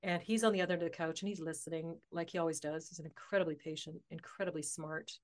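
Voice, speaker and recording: A woman telling a personal story as a podcast guest, animated and laughing often as she talks. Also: sits low, quick pace. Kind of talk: casual conversational storytelling.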